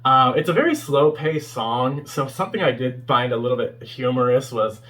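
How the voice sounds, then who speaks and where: Bright-voiced young man rambling casually. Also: mid-range voice, moderate pace. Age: 20s. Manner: rambling, heavy with fillers and chuckles. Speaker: fan video host reviewing a concert performance. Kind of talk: casual spoken review.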